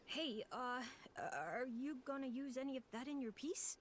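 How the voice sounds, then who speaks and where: An actress with a Midwestern American accent voicing a matter-of-fact shipwreck researcher in a game. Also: female voice, high-pitched, lively intonation, moderate pace. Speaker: expedition researcher.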